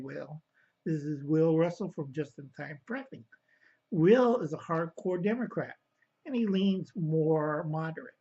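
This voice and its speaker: A man rants slowly to his camera, pitched a little high for a man, stopping to fix his own slips and calling his viewers kids. His anger runs through the whole talk. The sound is dull and lo-fi, like cheap home video. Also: darkish tone. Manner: slow, rambling, stops to correct himself; angry, addresses viewers as kids. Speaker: vlogger. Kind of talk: casual political rant to camera.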